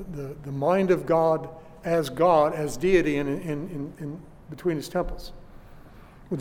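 A man preaching a sermon, teaching church history deliberately with frequent restarts, recorded in a church hall. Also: a little high, darkish tone. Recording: long hall reverb.

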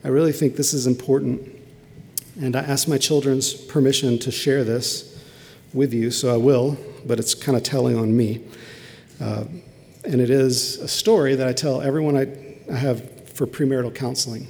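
A man's voice: mid-range voice, steady tone, normal speed, a little mellow. A middle-aged man preaching a sermon as a pastor, telling an earnest, confessional story from his own family life. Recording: long hall reverb.

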